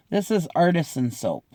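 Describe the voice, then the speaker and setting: A man's voice: a little high, warm tone. A middle-aged man chatting casually in an unboxing video, gushing and laughing often as he talks. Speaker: unboxing vlogger.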